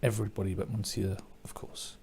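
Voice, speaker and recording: A man's voice: lowish voice, little pitch movement, brisk, vocal fry, darkish tone, a little hiss or hum. A man voicing a stern older nun in a horror game, cold and formal.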